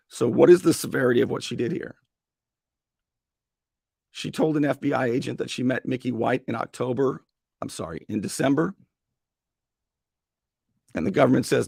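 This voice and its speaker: A male talk radio host with a strained, gravelly voice, giving an opinionated monologue and acting out mock dialogue. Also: moderate pace, long pauses, dry recording, studio quality. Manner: animated, acts out mock dialogue with sudden high-pitched bursts. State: strained voice after a long day.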